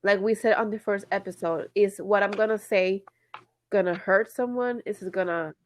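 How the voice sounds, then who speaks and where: A woman's voice: medium pitch, fairly even intonation, moderate pace. A woman co-hosting a podcast in casual chat, blunt and emphatic, swearing casually. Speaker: podcast co-host.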